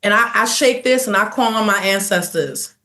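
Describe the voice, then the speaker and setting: A woman's voice: mid-range voice, normal speed, pushed and bright. A woman in her forties from New York City, a podcast guest talking in a casual, outspoken way. She laughs often and acts out other people's voices in her stories. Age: 40s.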